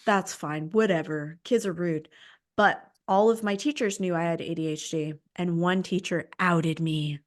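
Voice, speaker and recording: A young woman hosting a podcast, telling a personal story in an animated, dramatic way. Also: lowish voice, measured pace. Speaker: podcast host. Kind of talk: casual storytelling chat.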